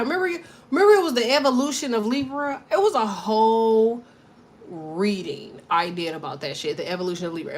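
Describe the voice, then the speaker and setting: A young woman doing a tarot reading in loose, profane, joking chat. Her pitch swings all over as she rambles along, and faint noise hums underneath. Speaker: tarot reader.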